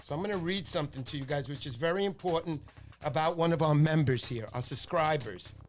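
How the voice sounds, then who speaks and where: A man's voice: on the high side, a little fast, faint music behind. Chatty New man with a cold. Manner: chatty storyteller, animated impressions. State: stuffy nose from a cold. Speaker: fishing livestream host. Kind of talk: casual livestream chat.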